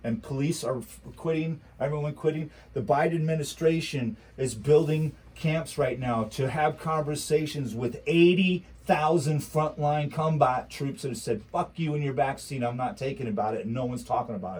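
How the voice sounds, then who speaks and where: A man's voice: on the high side, normal speed, hardly any pauses, a little mellow, breathy edge, poor audio. A man talking politics in a casual chat, ranting heatedly with lots of rhetorical repetition. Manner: mocking quoted voices.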